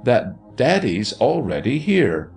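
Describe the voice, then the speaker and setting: A man voicing a dreamy little girl who speaks softly and with quiet certainty. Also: medium pitch, wildly swooping pitch, slow, creaky, soft background music, voice pushed up, heavily acted. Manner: dreamy, hushed.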